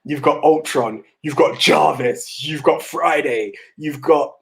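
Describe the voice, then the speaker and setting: A young man co-hosting a podcast, telling stories in a rambling, animated way with many restarts. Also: a little high, slow, creaky. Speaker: podcast co-host. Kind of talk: casual chat.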